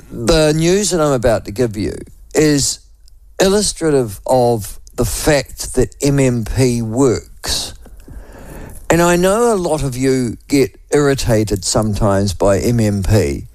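A man in his sixties with a New Zealand accent, hosting a talk radio show with a voice hoarse from a cold, rambling and chatty with many restarts. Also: mid-range voice, a little mellow, dry recording. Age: 60s. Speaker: radio host. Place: radio studio.

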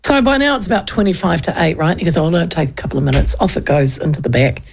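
Gravelly-voiced New Zealand woman telling stories. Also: lowish voice, rapid-fire. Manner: animated, acts out other people's voices, laughs often. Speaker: radio host. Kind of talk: chatty storytelling.

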